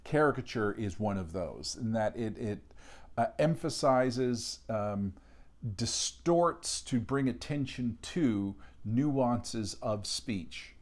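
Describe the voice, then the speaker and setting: A man giving an informal academic lecture, thoughtful and measured, often pausing to search for the right word. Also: medium pitch, lively intonation.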